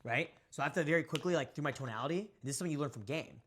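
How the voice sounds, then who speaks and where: A man's voice: a little high, very fast, fairly bright tone, a little hiss or hum. A young man talking as a guest on a podcast, boastful, brash and profane. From Indian descent. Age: young adult. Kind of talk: casual podcast talk.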